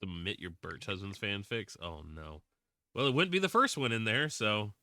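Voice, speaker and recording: A man's voice: fairly low pitch, moderate pace, sharp tone, no room sound. A man with a Southern US drawl, chatting casually on a live game stream, rambling and reading viewers' comments aloud. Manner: rambling, restarts often, reads chat aloud. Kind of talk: casual live-stream chat while playing.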